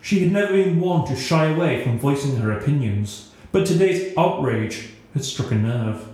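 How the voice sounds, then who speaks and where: Male narrator, steady reading, slightly high voice, heavy room echo. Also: normal speed. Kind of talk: scripted story narration. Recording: very echoey room.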